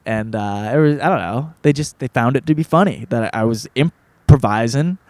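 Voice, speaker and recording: A man's voice: medium pitch, moderate pace, darkish tone, no room sound. Laid-back profane guy rambling. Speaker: podcast host. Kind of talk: casual personal storytelling.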